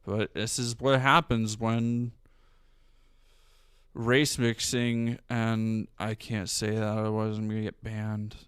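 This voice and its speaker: A streamer mocking a slow-talking man streamer with a drawling, hesitant voice. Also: medium pitch, level tone, clear, resonant tone, no room sound, clean studio sound, voice pushed down, close to an everyday voice.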